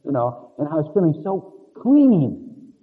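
Husky-voiced man preaching over a tinny line. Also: fairly high pitch, big pitch swings, unhurried. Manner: rambling, confessional, chuckling asides. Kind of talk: conversational sermon. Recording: narrow phone-like lo-fi sound.

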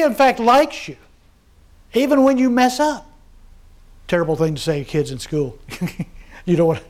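High-voiced preacher, conversational. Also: male voice, darkish tone. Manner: conversational preaching, asks the congregation questions; voices mockers and scripture in quick asides. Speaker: pastor. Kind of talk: sermon.

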